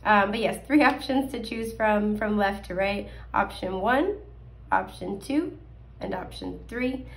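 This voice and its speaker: A woman's voice: medium pitch, gravelly. Chatty young woman with a scratchy voice. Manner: chatty, many fillers and little laughs. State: scratchy voice, coughing. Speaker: tarot card reader. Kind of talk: casual pick-a-card reading.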